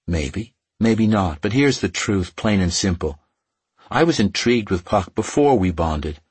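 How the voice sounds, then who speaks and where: A man reads a fantasy romance novel aloud in a deep, slightly husky voice. The recording is close and dry. He lifts or drops his voice a little for the characters' dialogue without fully acting them out. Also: a little slow, no room sound. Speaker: audiobook narrator. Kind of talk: scripted narration.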